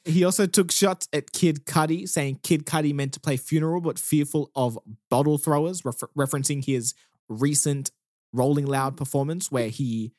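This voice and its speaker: A man's voice: a little high, fairly even intonation, normal speed, darkish tone, no room sound, studio quality. A man hosting a podcast, casually and easily walking through the week's news. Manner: easygoing, walks through news stories. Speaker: podcast host.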